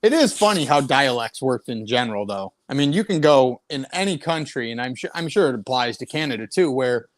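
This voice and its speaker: A man's voice: mid-range voice, expressive, a little fast, hardly any pauses. An American man chatting as a guest on a casual livestream, laughing easily.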